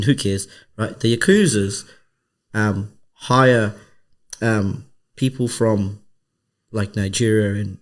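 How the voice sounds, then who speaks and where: A man, a comedian and podcast co-host, telling a story in casual chat and acting out the other people's voices. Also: on the low side. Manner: animated storyteller who acts out the voices of others.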